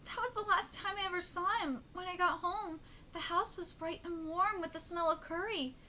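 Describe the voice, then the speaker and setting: A woman voicing a kind, grieving middle-aged mother who works as a nurse, reading softly in a subdued voice. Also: extremely high pitch, normal speed, a little hiss or hum, voice pushed up. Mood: sad.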